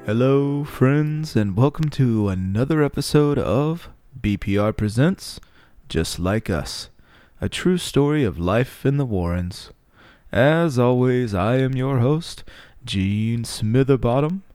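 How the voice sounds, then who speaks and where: A man's voice: mid-range voice, lively intonation, slow pace, darkish tone, no room sound, clean studio sound. A man doing a pompous TV show host. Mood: grand. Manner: announcer-like, formal. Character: smooth, pompous male TV documentary host.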